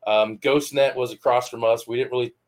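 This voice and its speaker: A man hosting a podcast, telling stories loudly and animatedly and acting out other people's voices in casual chat. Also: medium pitch, fairly quick. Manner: loud, animated storyteller who acts out voices. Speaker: podcast host.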